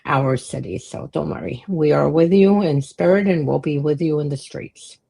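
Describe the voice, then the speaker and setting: A woman co-hosts a political chat show. Her voice sits a bit low. She talks bluntly and swears without holding back. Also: normal speed, gravelly, dark tone, slightly rough. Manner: blunt, profane, fired-up. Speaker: podcast co-host.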